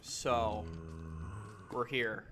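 A man commenting on his own gameplay in a goofy way, talking to the animals and mobs and breaking into panicked yells. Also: mid-range voice, fairly even intonation, extremely slow, noisy background. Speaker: gaming channel host. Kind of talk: let's play commentary.

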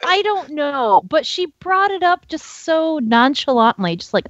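Chatty woman telling stories, lively pitch. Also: unhurried, no echo. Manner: chatty, reacts with laughs and exclamations. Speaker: podcast co-host. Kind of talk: casual chat, telling work stories. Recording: dull lo-fi mic, dry.

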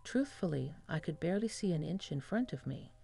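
A woman's voice: fairly low pitch, expressive, fairly quick, gravelly, warm tone, a little hiss or hum. A woman reading a first-person horror story as scripted narration.

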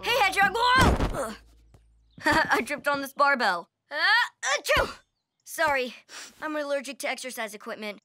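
A woman voicing an excitable young boy elephant in a cartoon, eager and gushing as he talks. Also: high-pitched, unhurried, heavy background noise. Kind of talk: cartoon voice acting.

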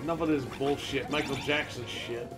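A man's voice: mid-range voice, steady tone, brisk. A man ranting and swearing in casual chat while playing a video game. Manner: profane, ranting complaints. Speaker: show regular. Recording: game music playing behind.

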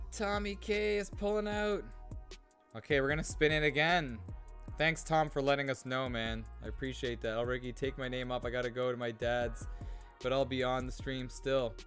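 A man hosting a casual gaming livestream, chatty and reading viewer comments aloud as he talks. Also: medium pitch. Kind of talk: casual live-stream chat.

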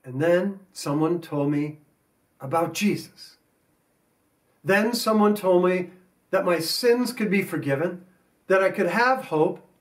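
A man with an American accent preaching a sermon as pastor, earnest, with slow emphatic stresses. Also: high-pitched, distant mic. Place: church sanctuary.

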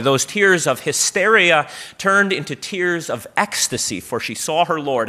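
Bright-voiced pastor preaching a sermon. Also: male voice, fairly high pitch. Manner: storytelling, asks the congregation questions. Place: church.

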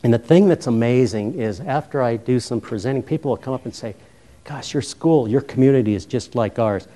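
Middle-aged guy from colorado doing a keynote, funny storyteller acting out the dialogue, handheld mic, normal male pitch. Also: fairly quick. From Colorado, USA. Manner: humorous, animated storyteller who acts out dialogue. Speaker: keynote speaker, former high school principal. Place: conference hall. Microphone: roving handheld mic.

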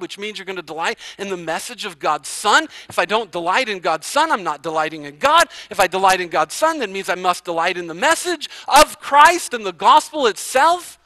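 A man, the pastor, preaching a sermon, swinging from hushed passages to fervent, emphatic ones. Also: high-pitched, dry recording, poor audio.

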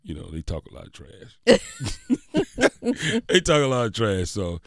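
A man's voice: deep voice, big pitch swings, unhurried, creaky, fairly bright tone, dry recording, studio quality. A man co-hosting a sports radio show, chatting casually, joking and laughing often.

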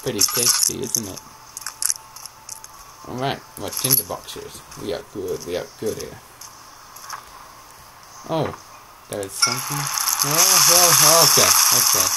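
A man casually coaching a friend through a horror game, jumping between calm tips and sudden excited yelps. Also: medium pitch, takes it slowly, long pauses, very noisy. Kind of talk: casual gaming chat.

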